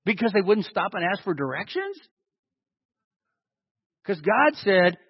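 A man preaching a sermon in a large church hall, animated and full of rhetorical questions. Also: high-pitched, slow, pauses often, breathy edge. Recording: dull lo-fi with long hall reverb.

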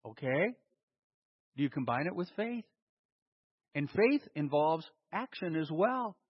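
High, husky preacher in an echoey hall. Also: male voice, sing-song, slow. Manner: asks rhetorical questions and answers them himself; emphatic, stressing single words. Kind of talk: sermon. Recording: echoey hall, dull lo-fi sound.

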